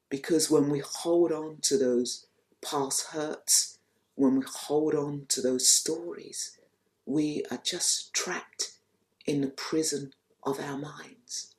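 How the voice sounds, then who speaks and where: A soft-spoken woman gives a reflective spiritual talk, telling a teaching story and repeating phrases for emphasis. Her voice sits fairly low and unfolds very slowly.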